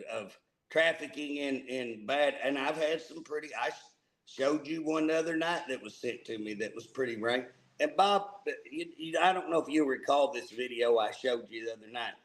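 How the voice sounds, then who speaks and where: A man's voice: mid-range voice, normal speed, low-quality recording. A man co-hosting a casual political talk show, folksy and emphatic, often repeating words as he starts a thought. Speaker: co-host.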